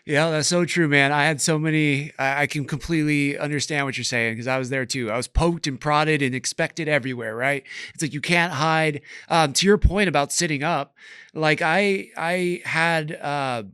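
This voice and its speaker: A young man hosts a podcast in a relaxed, conversational way, leaning on "like" and "you know" as he talks. His voice sits a little high for a man and comes across smooth and clean, recorded dry and close with no room sound. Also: moderate pace, no room sound. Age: young adult. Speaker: podcast host. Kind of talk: casual interview chat.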